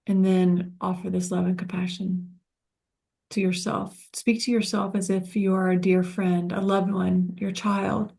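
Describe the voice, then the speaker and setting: A woman leading a spiritual self-help class, speaking in a gentle, soothing, reflective way. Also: mid-range voice, little pitch movement, measured pace, gravelly. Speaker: course facilitator.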